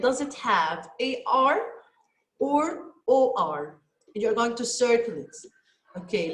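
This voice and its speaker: A woman teacher with an Egyptian Arabic accent speaks slowly and patiently, repeating each word for young learners. Her voice sits a little high. The recording is roomy and echoey. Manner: slow, patient, repeats words for students. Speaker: English teacher. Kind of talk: recorded online lesson for children. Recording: echoey room.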